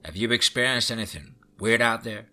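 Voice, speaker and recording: A man's voice: on the low side, fairly quick, faint music behind. A man voicing a blunt, wary Southern pawn shop clerk with a Southern accent, matter-of-fact in tone. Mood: hushed. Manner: matter-of-fact, drops to a hushed tone.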